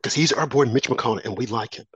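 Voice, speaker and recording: A woman's voice: very deep voice, fast talker, slightly rough, no echo. A woman delivering a heated political opinion monologue as a commentator, sarcastic and mocking opponents in a sing-song voice. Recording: dull lo-fi sound.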